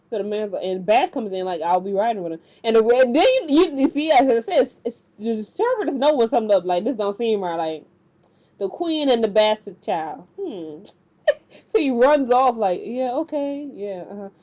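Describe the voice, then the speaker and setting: A woman's voice: on the high side, big pitch swings, moderate pace, mellow. Chatty woman recapping a show. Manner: rambling and colloquial, acting out characters' lines. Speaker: TV recap vlogger. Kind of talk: casual episode recap. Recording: dull lo-fi recording.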